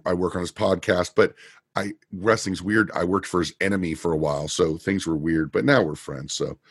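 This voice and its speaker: Gravelly low-voiced man chatting. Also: moderate pace, dry recording, studio quality. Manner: animated retelling with quoted lines and laughs. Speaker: podcast co-host. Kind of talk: casual chat recapping a TV episode.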